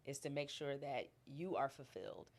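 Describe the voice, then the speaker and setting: A middle-aged woman with a low, gravelly voice talks frankly as a podcast guest. She speaks with emphatic conviction and laughs often. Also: lively intonation, moderate pace, a little mellow. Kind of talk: casual interview conversation.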